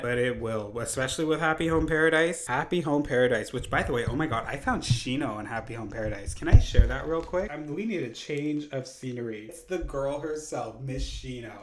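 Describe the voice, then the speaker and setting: A man in his twenties ranting dramatically and playfully in a casual gaming vlog, swearing and exaggerating, speaking into a desk microphone. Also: medium pitch. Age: 20s. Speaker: gaming youtuber.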